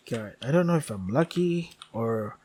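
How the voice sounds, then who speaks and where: A man's voice: expressive, slow pace, slight background noise. A man playing through a visual novel, reading its text aloud and muttering dry, sarcastic asides between lines, often with a sigh. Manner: sighs often, asides drop soft and low. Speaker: let's play gamer.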